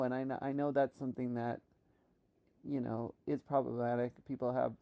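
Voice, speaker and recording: A woman from New York thinking aloud in a reflective solo monologue, halting with many restarts while she practices a trained voice. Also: extremely low pitch, little pitch movement, creaky, warm tone. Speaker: vlogger.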